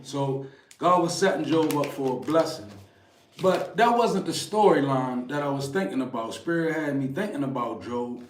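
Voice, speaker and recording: A man's voice: fairly high pitch, normal speed, distant mic. A man co-hosting a card reading stream, earnestly retelling a scripture story as a spiritual message. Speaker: card reader, co-host. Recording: roomy, off-mic with faint noise.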